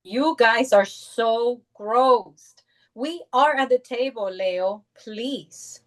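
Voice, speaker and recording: An actress playing a protective mother who speaks in a measured, firm way. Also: a little high. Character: protective mother, stern but loving.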